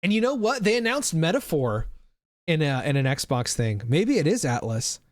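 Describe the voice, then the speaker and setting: A man's voice: fairly high pitch, big pitch swings, moderate pace, no echo, clean studio sound. A man streaming live, chatting casually and rambling, swearing freely and answering his chat.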